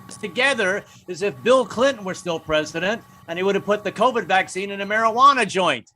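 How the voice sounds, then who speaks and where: A man's voice: high voice, animated, brisk, sharp tone, a little hiss or hum, poor audio. An older man doing stand-up comedy, wry and self-mocking, with stammering restarts.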